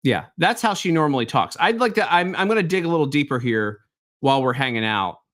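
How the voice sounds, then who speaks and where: Lively male livestream host. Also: fairly high pitch, fairly quick. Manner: animated, incredulous, rambling. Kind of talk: live-stream commentary.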